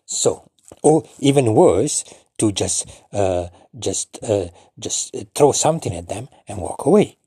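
A man leads a relaxed language lesson, acting out greetings with big, theatrical exclamations. His voice is husky and dark, and his pitch swings widely while he speaks at an unhurried, slow pace. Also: no room sound, clean studio sound. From Italy. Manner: animated, acts out greetings with exaggerated exclamations. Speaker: language teacher.

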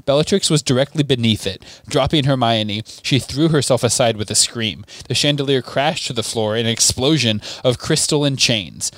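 A man reads a novel aloud at an even, steady pace, breaking off now and then for a quick aside. His voice is mid-pitched, and the sound is dry and close, with no room echo. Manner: steady, clear reading with small asides. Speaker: podcast host reading a novel aloud.

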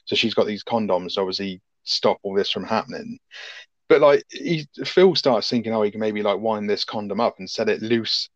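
A lower-pitched man chatting loosely about a film, sprinkling in swearing and laughs. His voice sits close and dry with no room around it, and the sound is a little dull and lo-fi. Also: normal speed, no echo. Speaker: podcast co-host. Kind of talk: casual film review chat.

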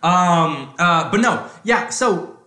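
Guy ranting about a movie, swears a ton, voice jumps all over, kinda higher pitched, roomy echo. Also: takes it slowly. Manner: profane, animated, mocking. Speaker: podcast co-host. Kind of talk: casual movie review chat.

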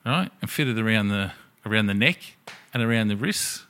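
A man's voice: on the low side, normal speed, smooth. A man telling a crude story in casual chat, swearing freely and acting out the other voices in it. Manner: profane, animated storyteller.

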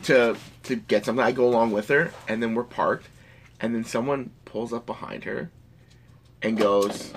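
A man's voice: medium pitch, fairly even intonation, normal speed, a little hiss or hum. A man rambling through a story in casual chat, swearing freely.

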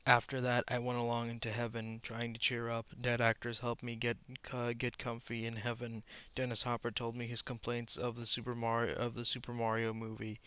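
A man reading fan fiction aloud, halting and stumbling through the text with frequent restarts. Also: mid-range voice, completely flat delivery, a bit bright, clear, resonant tone, no echo. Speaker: reader.

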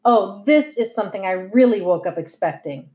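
A woman's voice: medium pitch, expressive, moderate pace, a little mellow, echoey room, natural voice. A woman reading aloud, voicing a rebellious teenage girl with a sarcastic, mocking tone.

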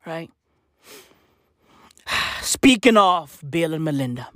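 A man's voice: sits high, fairly bright tone, dry recording, studio quality. A man delivering a satirical rant to camera, slangy and profane, with mock-serious rhetorical questions. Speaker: comedic commentator.

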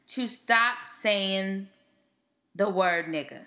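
Woman, young adult, podcast co-host, bright clear voice, animated slangy storytelling. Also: medium pitch, normal speed. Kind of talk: casual chat.

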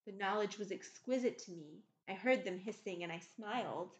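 A woman's voice: medium pitch, moderate pace, echoey room, lightly acted. A woman reading aloud, voicing a dreamy, devoted young actress in a lingering, lyrical way. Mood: rapturous. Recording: slightly muffled recording.

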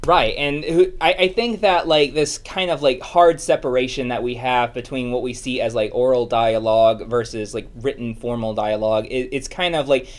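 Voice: mid-range voice, steady tone, normal speed, hardly any pauses. A speaker with a mid-range voice in a loose talk about writing. The speech rambles, is full of "like", and keeps checking in with "right?". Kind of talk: casual conversation about writing.

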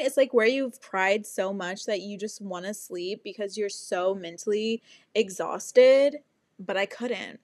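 A young woman hosting a podcast, telling a story in a casual, animated and dramatic way, swearing freely and acting out other people's lines. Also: mid-range voice, no echo, clean studio sound. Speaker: podcast host.

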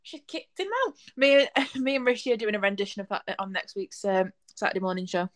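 A woman's voice: medium pitch, quick pace. A woman co-hosting a casual podcast chat, teasing and laughing easily. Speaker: podcast co-host.

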